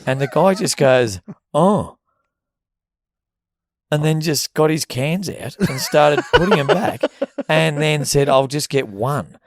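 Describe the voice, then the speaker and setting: A man's voice: on the high side, a little slow, hardly any pauses, no echo, clean studio sound. A young Australian man co-hosting a podcast, telling a long rambling story in casual chat, swearing freely and acting out the people in it. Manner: rambling, swears freely, acts out voices in his stories. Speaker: podcast co-host.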